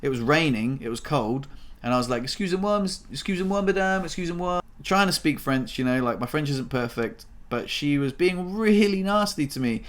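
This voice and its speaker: A man's voice: medium pitch, expressive, moderate pace. A man in a personal vlog telling his own story in a casual, rambling way, full of fillers and swearing, his voice rising when he gets upset. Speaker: vlogger.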